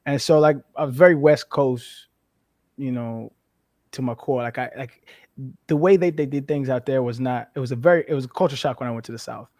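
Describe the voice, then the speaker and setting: A man in his thirties from the western United States, a former football player speaking as a guest, telling candid, animated stories laced with profanity. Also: medium pitch, a little fast, no echo. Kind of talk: casual conversational interview.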